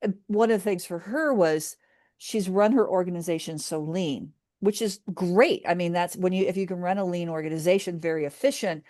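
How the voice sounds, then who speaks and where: A woman with a lowish voice talks as a business coach in a casual chat. She tells stories from her coaching calls, acts out what was said, and often restarts her sentences. The sound is dry and close. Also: normal speed, darkish tone, no room sound. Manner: storytelling, acting out a client's words, many restarts.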